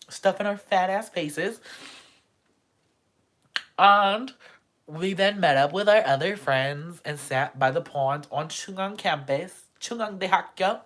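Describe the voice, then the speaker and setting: A man's voice: high-pitched, fairly bright tone. A young man telling a story from his student days abroad, casual and profane, acting out the voices of the people in it. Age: young adult. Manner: acts out quoted voices. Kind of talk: storytime vlog.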